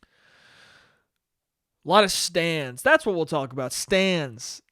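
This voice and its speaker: A young man hosting a solo podcast, ranting with animated energy, swearing often and mocking people's voices. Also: on the high side, slow, dry recording, studio quality. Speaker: podcast host.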